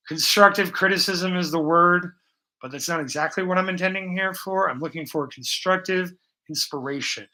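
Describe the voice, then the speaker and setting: A man's voice: on the high side, fairly quick, creaky, bright, forceful tone, low-quality recording. A man hosting a casual live stream, rambling and swearing freely as he chats with his viewers. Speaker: livestream host.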